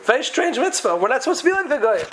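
A man's voice: very high-pitched, sing-song, fast talker, fairly bright tone, low-quality recording. A man giving a Talmudic lecture to a class, posing question after question in a sing-song study cadence. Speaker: Torah teacher.

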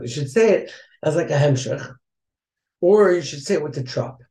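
A man with a somewhat high voice leads a casual study class. He chants Hebrew passages in Ashkenazi pronunciation and then explains them in everyday English. The room is echoey. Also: expressive, moderate pace, warm tone. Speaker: teacher of a text-study class.

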